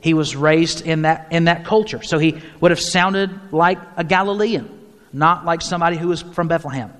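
A man's voice: fairly high pitch, moderate pace, fairly bright tone. A man, a pastor, leading a mid-week Bible study in a conversational teaching style, often restarting his phrases and inviting questions from the group. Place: church hall. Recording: long hall reverb.

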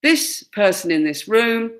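A woman's voice: mid-range voice, animated, a little slow. A woman gives a classroom lecture, pointing out pictures and acting out quoted lines. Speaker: teacher.

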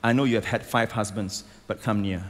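A man preaching a sermon as a pastor, emphatic and rising to loud exclamations, on a stage microphone in a large church. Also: lowish voice, steady tone, fairly quick. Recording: long hall reverb.

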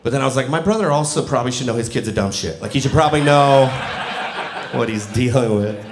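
Stand-up comic, man, forties, animated storyteller, live room with echo and crowd noise. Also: mid-range voice, fast. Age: 40s. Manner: animated storytelling, acting out quotes. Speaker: stand-up comedian. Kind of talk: stand-up comedy set. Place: comedy venue with a laughing audience. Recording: roomy live venue with audience noise.

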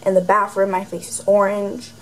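A teenage girl films a casual, chatty vlog from a room at home, talking to a camera facing her; she rambles, gets sarcastic, and says "like" constantly. Her mid-range voice barely moves in pitch at a moderate pace, and the rough recording carries a little hiss or hum.

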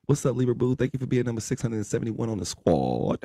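Fast and sing-song, this young co-host's warm, medium-pitched voice carries a blunt, profane lecture aimed at his livestream viewers, delivered as a preachy pep talk. The sound is studio quality with no room sound.

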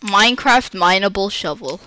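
A woman's voice: medium pitch, lively intonation, normal speed, sharp tone, a little hiss or hum. A woman giving chatty gameplay commentary, breaking into dramatic squeals and panicked repeated cries. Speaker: Minecraft let's-play creator.

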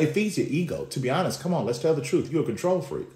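A man preaching with an animated, conversational delivery, dropping street slang as he talks straight to his listeners. His voice sits a bit high for a man. The sound carries a noticeable roomy echo. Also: fast talker. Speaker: pastor. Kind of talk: sermon.

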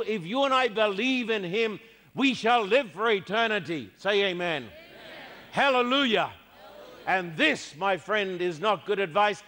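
A man's voice: high voice, bright, forceful tone, in a large hall. A man preaching a sermon, emphatic and repeating his key phrases.

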